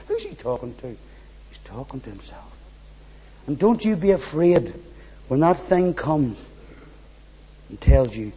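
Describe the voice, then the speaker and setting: A man preaching a sermon, fervent, with quiet, low pleading asides. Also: very animated, measured pace, long pauses, slight background noise. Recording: dull sound in a large reverberant hall.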